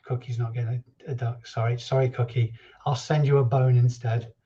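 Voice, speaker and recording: Jokey stream host reading chat names, mellow voice, slightly muffled home recording. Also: male voice, mid-range voice, flat delivery, a little fast. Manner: chatty and jokey, reading viewer names aloud. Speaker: reseller livestream host. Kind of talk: casual live-stream chat.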